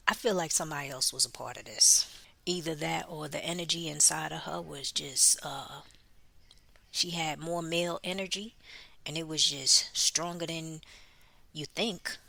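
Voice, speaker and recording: Gravelly, sharp-toned true crime commentator. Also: medium pitch, a little hiss or hum, poor audio. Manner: musing, rhetorical, acts out quoted dialogue. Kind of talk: casual spoken commentary.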